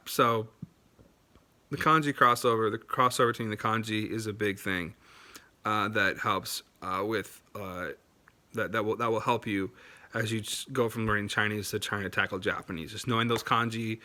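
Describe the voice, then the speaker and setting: A man's voice: fairly low pitch, bright, forceful tone. A man hosting a language-learning video, explaining in a chatty, unscripted way with many fillers and restarts, sounding words out to demonstrate. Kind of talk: casual explainer to camera.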